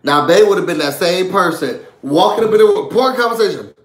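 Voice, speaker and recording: Chatty high-voiced man recapping. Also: a little fast, reverberant. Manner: animated, chatty, addresses viewers as y'all, laughs often. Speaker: show recap host. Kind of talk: casual live recap chat.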